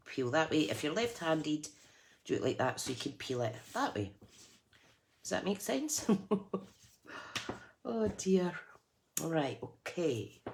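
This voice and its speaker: A woman's voice: sits low, a little hiss or hum. A woman hosting a live crafting tutorial, chatty and self-deprecating, laughing often as she works. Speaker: craft channel host.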